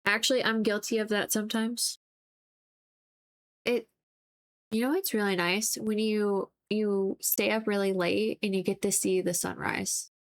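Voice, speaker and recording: A young adult woman streaming as she paints, chatting in a relaxed, rambling way with lots of "like". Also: medium pitch, a little slow. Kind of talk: casual chat while painting on stream.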